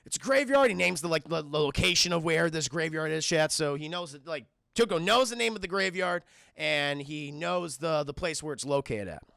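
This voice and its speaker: A man's voice: on the high side, normal speed, gravelly, dry recording, clean studio sound. A man casually recapping a film for his live chat, swearing a lot and acting out the characters in voices. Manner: profane, excitable, acts out scenes in voices. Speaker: film reviewer streaming to chat.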